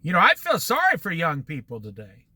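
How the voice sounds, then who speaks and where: A man's voice: a little high, wildly swooping pitch, a little fast, pushed and bright. A man talking casually to camera outdoors near the shore, a chatty storyteller who drifts into moralizing asides. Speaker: vlogger. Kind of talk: casual vlog monologue.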